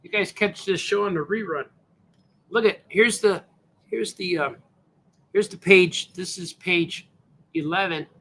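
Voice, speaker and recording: Speaking a little slowly with long pauses, a cartoonist with a high-pitched, sharp voice shows his comic pages on a livestream. He chats in a laid-back, rambling way and repeats "hey, man" often.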